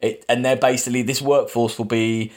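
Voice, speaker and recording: A man hosting a podcast, casually retelling a film's plot with lots of fillers and quick acted quotes. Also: mid-range voice, little pitch movement. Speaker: podcast host. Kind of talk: casual film discussion.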